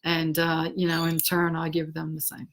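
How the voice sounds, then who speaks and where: Texan woman, lowish gravelly voice, casual interview guest. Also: completely flat delivery, moderate pace. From Texas, USA. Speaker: guest speaker. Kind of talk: casual chat.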